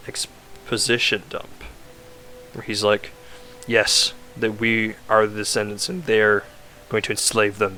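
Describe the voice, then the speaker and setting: A man's voice: mid-range voice, fairly bright tone, a little hiss or hum. A man casually rambling through a recap of a video game plot, full of "like" fillers and self-corrections.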